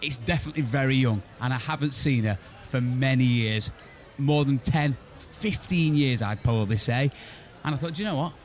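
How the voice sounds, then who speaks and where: A man's voice: mid-range voice, normal speed, hardly any pauses, faint music behind. A man co-hosting a casual pub-themed podcast, chatting and giggling often. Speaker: podcast co-host. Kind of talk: casual chat.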